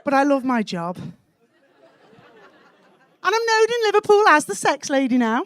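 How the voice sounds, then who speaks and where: Lively woman doing stand-up. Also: high-pitched, moderate pace, dry recording, some chatter behind. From Wales. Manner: cheeky, deadpan punchlines. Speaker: stand-up comedian. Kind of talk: stand-up comedy set. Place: comedy club stage.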